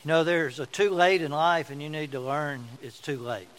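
A man's voice: a little high, moderate pace, fairly bright tone, low-quality recording. A man preaching a sermon as pastor, telling folksy stories and repeating words for emphasis.

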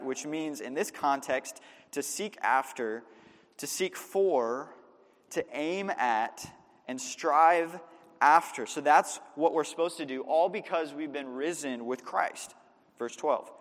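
A young adult man preaching a sermon, emphatic, leaning hard on key words and slowing down to drive points home. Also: mid-range voice, in a large hall. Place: church sanctuary.

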